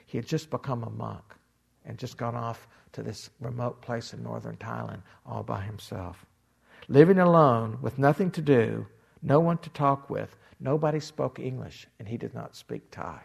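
An older man giving a meditation talk in a very gravelly, husky voice. He speaks unhurriedly and reflectively, sometimes slipping into playful inner voices. His pitch sits in an ordinary male middle range. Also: moderate pace. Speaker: meditation teacher. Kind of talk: dharma talk.

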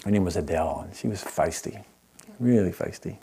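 A man who teaches meditation, telling a story to an audience in a gentle, unhurried way and often checking in with his listeners. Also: deep voice, animated, vocal fry, slight background noise. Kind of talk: storytelling talk to a live audience.

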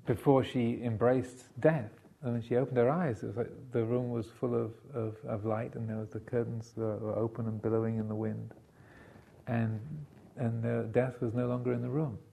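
A man giving a Buddhist dharma talk, telling a story with many ums and restarts. His voice is mellow and a little gravelly, sitting at an ordinary male pitch. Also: level tone. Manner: halting, many fillers and restarts. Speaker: Buddhist monk teacher.

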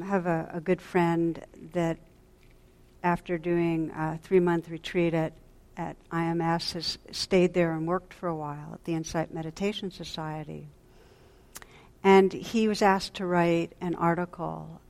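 A woman meditation teacher giving a dharma talk at a retreat, speaking gently and reflectively, often dropping to a soft hush, and pausing to restart her sentences. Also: on the low side. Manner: pauses and restarts mid-sentence.

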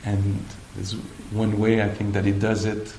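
Low-voiced man giving a dharma talk. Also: monotone, a little hiss or hum. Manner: gentle, playful, pauses often. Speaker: meditation teacher. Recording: roomy hall with faint ambience.

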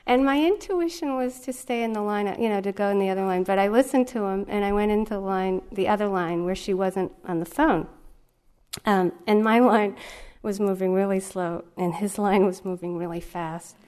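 A woman's voice: mid-range voice, moderate pace, darkish tone. A woman meditation teacher giving a dharma talk, telling a story with lots of amused laughter before moving into teaching. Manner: amused, laughs often while telling stories. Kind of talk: dharma talk with a personal anecdote. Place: retreat center meditation hall.

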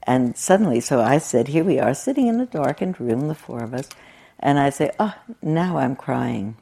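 A woman's voice: extremely low pitch, very animated, brisk, mellow, husky. An older woman giving a conversational, reflective dharma talk as a meditation teacher. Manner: conversational and reflective, with laughing asides.

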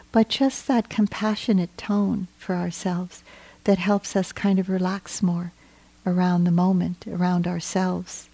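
Woman meditation teacher, dharma talk: warm, mellow, gentle and reflective, dry close sound. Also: lowish voice, dry recording. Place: meditation retreat.

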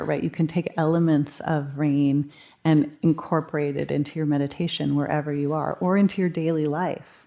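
A woman's voice: deep voice, flat delivery, moderate pace, warm tone. A woman guiding a live meditation retreat group in a conversational manner, acting out inner thoughts as little quoted asides. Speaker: meditation teacher.

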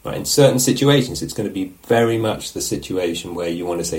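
Low-voiced man giving a gentle dharma talk. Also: quick pace. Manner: relaxed and conversational, often checking in with "yeah?". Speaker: meditation teacher.

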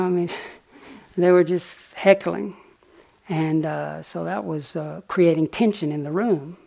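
Gentle, unhurried male meditation teacher. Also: fairly high pitch, steady tone, vocal fry. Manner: gentle, unhurried, with pauses and fillers. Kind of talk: dharma talk storytelling. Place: retreat center meditation hall.

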